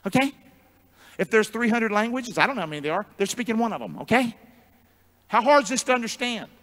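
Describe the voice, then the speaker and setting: A male pastor preaching a sermon in call-and-response style, jumping from shouts to low murmurs. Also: sing-song, fast talker. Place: church sanctuary. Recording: long church hall reverb.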